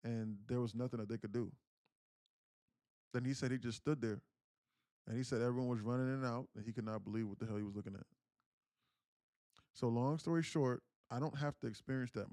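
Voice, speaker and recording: A man's voice: mid-range voice, no room sound, clean studio sound. A young man, hosting a day trading livestream and telling a personal story in casual, slangy speech with lots of fillers. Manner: emotional storyteller, acts out quoted pleas loudly.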